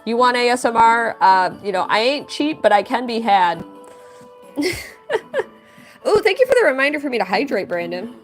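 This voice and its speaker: A young woman with a fairly high, very lively voice chats playfully with her viewers as she draws on a live stream. Her talk is loose and teasing, and soft music plays faintly behind her. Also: normal speed, pauses often. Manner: playful, chatty, reads and answers chat. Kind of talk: casual live-stream chat while drawing.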